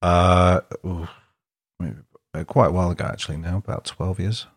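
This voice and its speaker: A man co-hosting a podcast, speaking hesitantly with many ums and pauses. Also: deep voice, fairly even intonation, breathy edge. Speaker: podcast co-host. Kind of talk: casual podcast chat.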